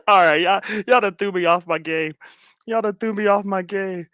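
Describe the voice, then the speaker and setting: A man in his thirties running a casual livestream from a close desk mic, his voice pitched high and swinging widely as he laughs through nearly every line. The sound is dry and close, with no room around it. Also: normal speed, clear, resonant tone, no echo. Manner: laughs constantly, loud and animated. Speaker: livestream host.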